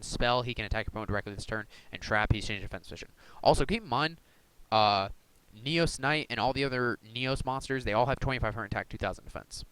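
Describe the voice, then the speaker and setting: Rambling young man with a smooth voice. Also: lowish voice, fairly bright tone, no room sound, rough recording. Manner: rambling, with many ums and uhs. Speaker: YouTuber showing a card deck. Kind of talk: casual deck profile talk.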